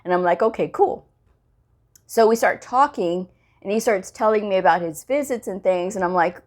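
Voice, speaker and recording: A woman's voice: medium pitch, normal speed. Chatty woman telling a story. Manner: animated, acts out quoted dialogue, laughs often. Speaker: medical coding channel host. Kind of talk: casual storytelling to camera.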